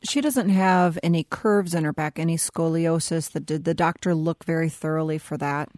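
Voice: mid-range voice, normal speed, a little mellow, dry recording. Conversational therapy advice on studio mic. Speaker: physical therapy expert guest. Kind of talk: radio call-in advice.

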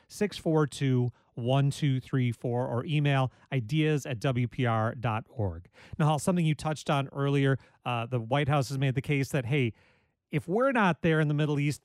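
Guy hosting a call-in radio show, kinda high voice, steady and measured, dry studio sound. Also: dry recording. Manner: measured, reads phone numbers and recaps. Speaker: radio talk show host.

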